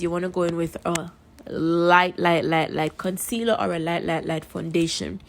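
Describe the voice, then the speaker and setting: A woman with a Jamaican accent chats her way through a makeup tutorial recorded on a phone. Her voice sits a little low. She talks casually and leans on repeated words to stress each step. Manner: chatty, repeats words for emphasis. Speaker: makeup vlogger. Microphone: phone camera.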